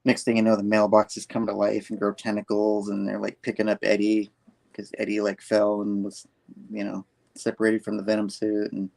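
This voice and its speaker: A man's voice: lowish voice, monotone, normal speed, gravelly, darkish tone. A man hosting a podcast, casually retelling a comic book with lots of fillers and restarts. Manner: rambling, filler-heavy retelling. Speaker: podcast host.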